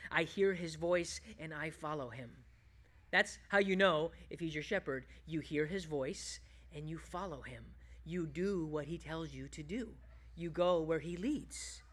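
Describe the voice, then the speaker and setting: Pastor, male, bright tense voice, emphatic preaching with hushed asides. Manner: swings between loud emphatic bursts and hushed, low reflective passages. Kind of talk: sermon.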